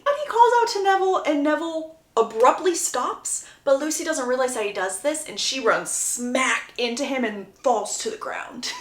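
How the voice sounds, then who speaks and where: Chatty woman with an animated, high voice. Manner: chatty, animated storytelling, acting out characters. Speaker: book content creator. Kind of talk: casual book plot recap. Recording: roomy echo.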